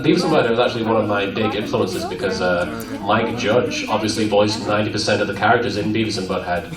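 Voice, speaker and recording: A man answering fan questions at a convention panel, animated and playful, laughing often. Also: fairly low pitch. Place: convention room at a university. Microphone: audience camera from far off. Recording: echoey room, far off, crowd around.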